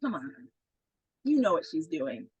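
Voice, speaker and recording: A woman's voice: sits low, sing-song, measured pace, a little mellow, slightly rough, dry recording, muffled recording. A woman co-hosting a podcast in casual chat, slangy and swearing freely. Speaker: podcast co-host.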